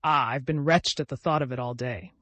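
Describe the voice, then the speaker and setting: A man's voice: mid-range voice, brisk, sharp tone, no echo. A man voicing a timid, devout young woman who speaks in an earnest, pleading, distressed way.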